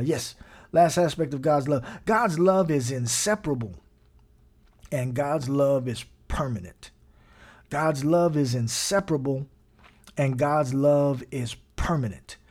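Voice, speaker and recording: A man's voice: mid-range voice, darkish tone. A man preaching a podcast sermon while seated, emphatic and repeating his phrases, chuckling often. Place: seated indoors.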